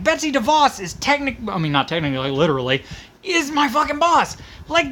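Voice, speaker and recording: A woman who works as a teacher, ranting in a casual, profane monologue that is full of restarts and sudden jumps in pitch. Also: a bit bright. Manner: self-interrupting, restarts often. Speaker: teacher and vlogger.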